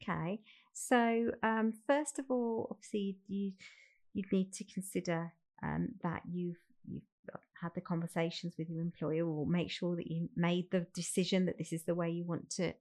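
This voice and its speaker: A woman's voice: on the low side, flat delivery, normal speed, darkish tone. A woman with a Birmingham accent, a fostering recruitment manager, explaining next steps kindly in a role-played phone call. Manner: friendly, reassuring, explains step by step.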